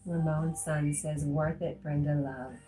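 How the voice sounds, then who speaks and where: Low-voiced woman reading chat on a livestream. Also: steady tone, measured pace, faint music behind. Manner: warm, reads chat comments aloud, gets emotional.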